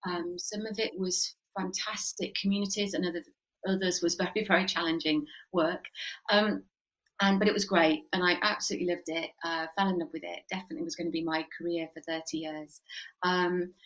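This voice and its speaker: A woman in her forties, a psychotherapist and former police officer, tells animated stories in a conversational podcast interview, with frequent ums and plenty of laughing. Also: lowish voice, brisk, poor audio.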